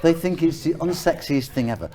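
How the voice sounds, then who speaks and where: A man's voice: fairly high pitch, brisk, warm tone. A man hosting a live cooking segment, chatty and joking, fussing with a constant "hang on". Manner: fussy, joking, keeps saying "hang on". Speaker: cooking show host. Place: outdoor park cooking setup.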